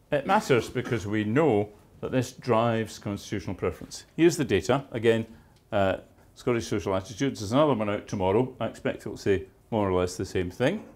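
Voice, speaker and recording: A man giving a university lecture, with dry, wry asides and emphatic stresses on key words. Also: fairly low pitch. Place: lecture theatre.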